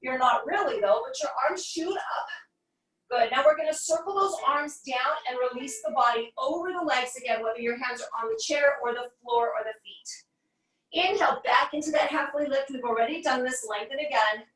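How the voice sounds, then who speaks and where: A woman's voice: high-pitched, moderate pace, fairly bright tone. A woman in her forties leading a guided yoga class, cueing each breath and pose with encouragement, a little out of breath. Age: 40s. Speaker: yoga instructor. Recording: echoey room, voice from a distance.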